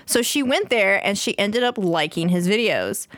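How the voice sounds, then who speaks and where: Animated woman reading posts aloud. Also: medium pitch, normal speed, no room sound. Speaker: podcast co-host.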